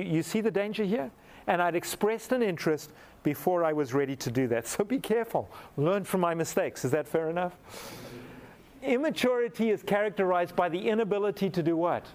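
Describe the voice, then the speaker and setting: A middle-aged man preaching, telling a personal story in a lively, animated way that rises into excited laughter. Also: high voice. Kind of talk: storytelling sermon.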